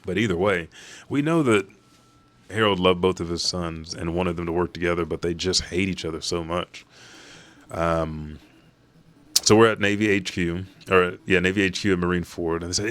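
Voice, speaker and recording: A man hosting a live reaction to a manga chapter. He recaps it in an excited, profane and rambling way. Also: sits low, moderate pace.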